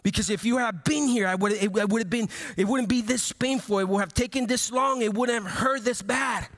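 A man preaching a sermon as pastor, animated, with many repeated phrases and call-and-response to the congregation. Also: high-pitched, brisk. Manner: animated, playful asides to the congregation.

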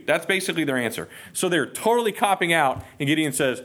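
A man's voice: medium pitch, fairly quick. A man teaching a Bible study in a casual, joking way, often checking in with his listeners. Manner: lively, jokey, checks in with "okay?".

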